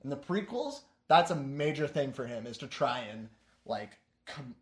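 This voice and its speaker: A man's voice: medium pitch, big pitch swings, moderate pace. A young man co-hosting a casual podcast, talking earnestly and enthusiastically about films. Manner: earnest, enthusiastic, makes sweeping praise. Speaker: podcast co-host. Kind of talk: casual chat. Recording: echoey room sound.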